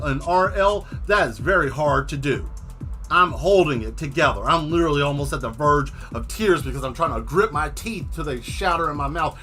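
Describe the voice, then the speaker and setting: A man hosting a casual stream, telling a long exasperated story with plenty of swearing and animated asides. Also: fairly high pitch. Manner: exasperated, profane, animated retelling. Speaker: host.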